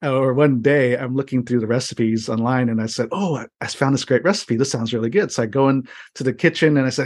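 A man from the United States telling a story as an interview guest, chatty and animated. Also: medium pitch, a little fast. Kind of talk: casual storytelling.

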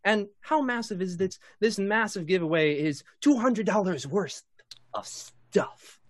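Running the game and hosting the stream, this dungeon master keeps the live-stream chat casual, joking and playful. He has a high-pitched voice at a moderate pace, with no room sound.

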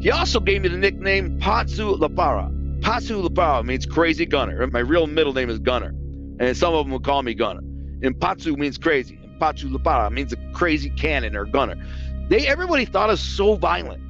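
A man with a fairly high voice tells a story bluntly and profanely, acting out each quoted line. The recording sounds dull and lo-fi, with faint music underneath. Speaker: interviewee telling his past. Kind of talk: casual spoken storytelling.

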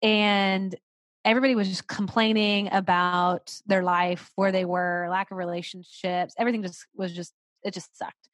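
Expressive woman podcast host. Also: medium pitch, normal speed. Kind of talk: casual conversation.

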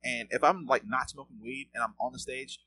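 A man co-hosting a podcast in casual chat, talking quickly and with lots of swearing, often repeating words as he gets going. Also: medium pitch, creaky. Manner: fast, profane, repeats words when excited. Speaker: podcast co-host.

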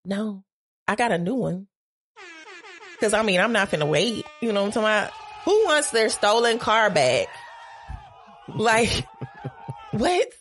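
A woman's voice: mid-range voice, very animated, measured pace, long pauses, a bit bright, a little hiss or hum. A woman telling a dramatic story as a podcast guest, profane, acting out quoted lines with big jumps in her voice. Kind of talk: animated storytelling.

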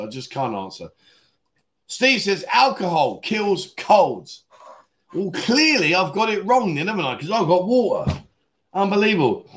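Chatty livestream host with a raised voice. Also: male voice, a little high, a bit bright. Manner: rambling, chatty, laughs often, calls viewers mate. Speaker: livestream host reading viewer comments. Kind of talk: casual livestream chat. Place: Pattaya, Thailand.

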